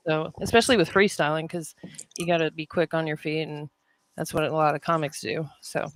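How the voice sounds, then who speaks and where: A woman hosting a rap podcast, chatting in a relaxed, easygoing way with plenty of ums and filler words. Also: low-pitched, a little fast, dry recording. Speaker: podcast host. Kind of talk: casual chat.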